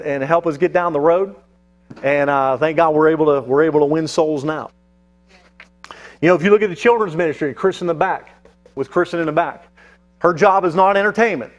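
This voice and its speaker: A male pastor telling a mission story in a sermon, with fillers and restarts. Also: a little high. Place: church.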